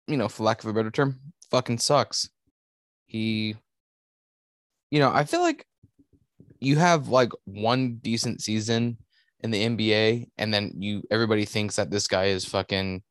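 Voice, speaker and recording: A man's voice: on the low side, fairly bright tone, no echo, clean studio sound. Blunt, swearing young man. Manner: profane, blunt. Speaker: podcast co-host. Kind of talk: casual chat.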